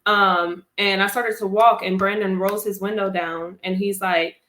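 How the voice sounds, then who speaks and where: A woman in a mid-pitched voice tells her own story as an interview guest, candid and expressive, acting out her own past words. The room around her is roomy and echoey. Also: a little slow. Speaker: interview guest, army veteran.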